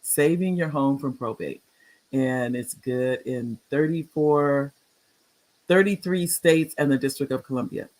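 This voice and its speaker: In a mid-range, unhurried voice, a man in his sixties who used to teach hosts a livestreamed talk show. He's chatty and rambling, calling out viewers by name with excited upswings.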